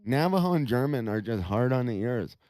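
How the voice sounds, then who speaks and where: A man's voice: medium pitch, lively intonation, fairly quick, darkish tone, no room sound. A man co-hosting a podcast, speaking bluntly and provocatively in casual chat. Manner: blunt, provocative, laughs at own remarks. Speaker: podcast co-host.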